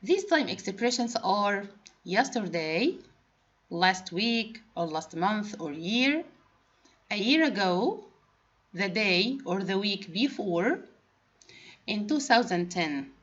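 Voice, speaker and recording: A woman's voice: mid-range voice, animated, slow, long pauses, fairly bright tone. A woman whose first language is Arabic teaches English grammar in a patient classroom lesson, spelling out letters and rules one by one. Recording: dull lo-fi recording.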